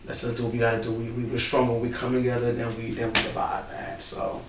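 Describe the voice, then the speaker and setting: A man's voice: medium pitch, completely flat delivery, fast talker. A man in casual, emotional chat, peppering his talk with "bro" and "man", recorded in a church building. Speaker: co-host. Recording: roomy, distant mic, faint background noise.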